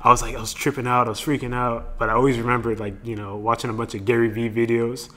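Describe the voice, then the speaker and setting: A young man speaks as a podcast guest with a mid-pitched male voice. He talks in a relaxed, easygoing way, with an "um" or a "you know" here and there. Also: quick pace. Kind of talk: casual storytelling chat.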